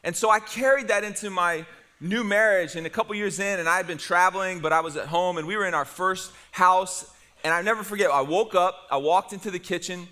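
Bright-voiced, animated preaching man. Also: high voice, a little fast. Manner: animated storytelling with humor. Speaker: pastor. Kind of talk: sermon.

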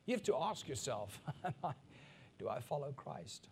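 A middle-aged man from Africa preaching a sermon as pastor, swinging between soft asides and loud, emphatic peaks. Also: mid-range voice, sing-song, moderate pace, a little hiss or hum.

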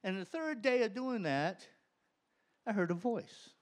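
A man with a high voice that swings up and down, giving his own testimony to a crowd. He tells it as a story, growing animated and laughing between phrases. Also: measured pace. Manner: animated, grows excited, often laughs mid-sentence. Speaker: speaker giving a personal testimony.

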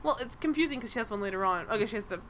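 A woman hosting a casual podcast, talking in an animated, exasperated way and swearing freely. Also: medium pitch, racing, slight background noise. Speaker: podcast host. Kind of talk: casual chat recapping a TV episode.

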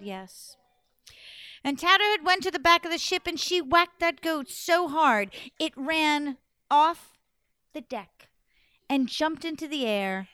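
A woman storyteller telling a fairy tale to listeners, playful and dramatic with pauses for effect. Her voice is high and swings widely in pitch. The sound is dry and close. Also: a bit bright, no echo. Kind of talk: animated storytelling to an audience.

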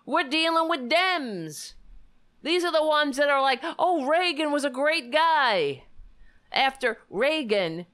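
A woman's voice: high voice, sharp tone. A woman hosting a heated political commentary show, talking in an indignant, sarcastic way and swearing freely.

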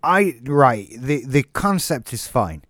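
A man co-hosting a podcast, sharing opinions in a relaxed, casual chat. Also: mid-range voice, slow, no echo, studio quality. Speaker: podcast co-host.

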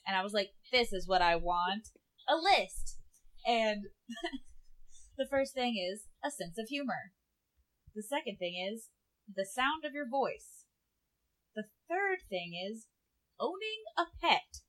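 A woman's voice: a little high, big pitch swings, takes it slowly, long pauses, a bit bright, low-quality recording. A young woman in her twenties co-hosting a podcast, chatting casually and explaining things with lots of examples and "like". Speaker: podcast co-host. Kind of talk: casual chat.

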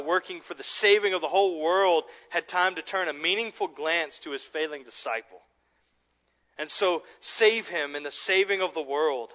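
Earnest preacher in a reverberant hall. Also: male voice, high voice. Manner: earnest preaching, swings between soft and emphatic. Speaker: pastor. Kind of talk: sermon.

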